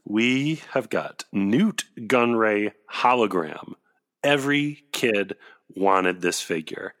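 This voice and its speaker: A man's voice: fairly low pitch, lively intonation, takes it slowly, fairly bright tone. A man co-hosting a casual comedy chat with playful, wry asides. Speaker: podcast co-host.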